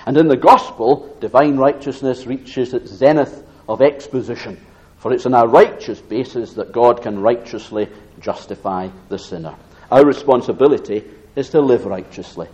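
A man preaching an expository sermon, reading scripture aloud and slowing down to stress key phrases. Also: medium pitch, a little mellow, poor audio. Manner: reads scripture aloud in raised tone.

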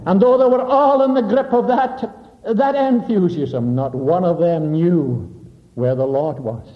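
A man preaching a sermon with dramatic delivery, sinking to a soft low voice for emphasis and explaining Greek words. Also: unhurried. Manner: expounds Greek word meanings. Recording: dull lo-fi recording.

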